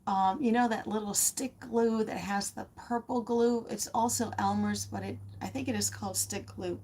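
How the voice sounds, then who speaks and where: A woman's voice: mid-range voice, fairly even intonation, normal speed, a little mellow. A woman giving a casual, rambling craft lesson from a home studio, laughing often as she chats with viewers. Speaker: art teacher.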